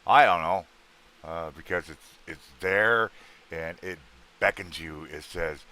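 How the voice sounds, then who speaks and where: A man hosts a loose, jokey livestream, greeting viewers by name even though his voice is worn from an earlier show. His voice sits low, and he speaks slowly with a sharp tone.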